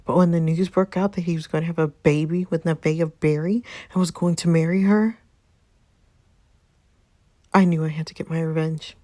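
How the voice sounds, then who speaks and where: A woman's voice: sits low, fairly even intonation, moderate pace, pauses often, mellow, dry recording, studio quality, natural voice. A woman reading the narration of a vengeful young mother looking back on her past. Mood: reflective. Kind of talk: reading a story game aloud.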